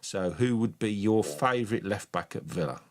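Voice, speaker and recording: Upbeat Black Country football phone-in host. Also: male voice, fairly low pitch, animated, moderate pace. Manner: chatty and enthusiastic, says mate a lot. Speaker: host of a fan phone-in show. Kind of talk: casual phone-in chat.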